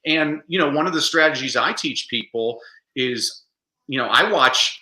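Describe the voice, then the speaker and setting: A man being interviewed on a podcast, telling animated stories and acting out the quotes. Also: mid-range voice, moderate pace, reverberant, low-quality recording. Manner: animated storyteller, acts out quotes. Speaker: guest speaker.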